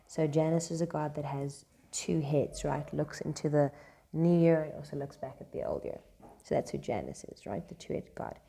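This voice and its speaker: A woman teaching a Shakespeare scene at home. She reads each line slowly, then explains it in casual slang. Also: low voice, gravelly, warm tone, breathy edge. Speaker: English teacher.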